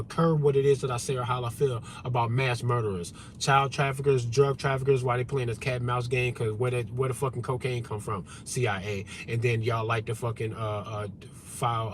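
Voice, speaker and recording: A man's voice: mid-range voice, slight background noise. A man hosting a livestream, ranting bluntly and profanely while reading out and answering his chat. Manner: profane, blunt, repetitive, addresses chat directly. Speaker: livestream host. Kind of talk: unscripted livestream rant.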